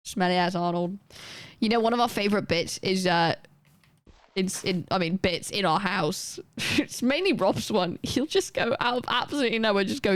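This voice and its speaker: A young woman chatting casually on a live gaming stream, rambling and self-deprecating with quick asides. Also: mid-range voice, lively intonation, no echo. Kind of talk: casual chat while gaming.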